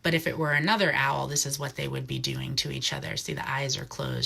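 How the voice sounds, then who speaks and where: A woman, a wildlife educator giving a live-streamed talk in a chatty way and softly cooing asides to an owl. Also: a bass voice, steady tone, a little fast, vocal fry, hardly any pauses, husky. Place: wildlife center room.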